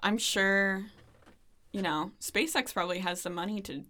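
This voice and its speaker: A woman's voice: medium pitch, moderate pace, bright, forceful tone. A woman co-hosting a casual history podcast, mostly reacting with short, eager replies and jokes. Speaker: podcast co-host.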